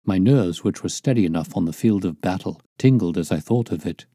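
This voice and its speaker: A man reading a classic detective novel aloud as storyteller, in measured, descriptive narration. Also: sits low, dark tone, no echo, clean studio sound.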